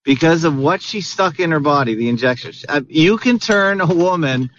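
A man's voice: a little high, lively intonation, moderate pace, fairly bright tone. A man hosting a heated podcast chat, arguing back and dismissing others' points. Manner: argumentative, interrupting, dismissive. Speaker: podcast host. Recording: dull lo-fi audio with faint hiss.

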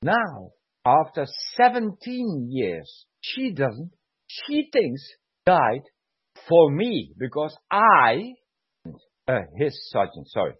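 A man's voice: fairly high pitch, wildly swooping pitch, takes it slowly, husky, dry recording. A man who served as an army sergeant, talking heatedly and emotionally, swearing and repeating himself to press his point. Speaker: former army sergeant, guest. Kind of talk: heated conversational rant. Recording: dull lo-fi sound.

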